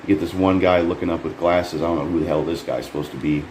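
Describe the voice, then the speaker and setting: Man, very low voice, loose profane trailer rant, echoey room with a faint hum. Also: steady tone, fast, darkish tone. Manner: frustrated, rambling, swears a lot, bursts up in pitch when incredulous. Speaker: YouTuber reviewing a trailer. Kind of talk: casual profane commentary.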